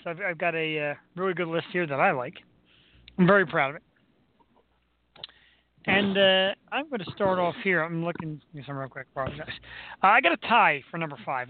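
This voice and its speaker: Male co-host from Philadelphia, laid-back, high-pitched, dry thin phone-quality audio. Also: no echo. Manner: relaxed, lots of "uh" and "um" fillers. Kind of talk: casual chat. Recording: tinny phone-like line, dry.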